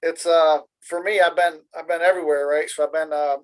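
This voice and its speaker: A man's voice: fairly high pitch, fairly even intonation, a little fast, poor audio. Easygoing Michigan man chatting. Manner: rambling, easygoing, jokey. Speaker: meeting participant. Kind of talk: casual chat. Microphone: video call.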